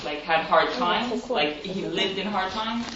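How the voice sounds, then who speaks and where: A man's voice: high voice, a little slow, heavy background noise. A man who is a student in a Torah class, speaking hesitantly and searching for his words. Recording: distant, roomy, muffled, with people around.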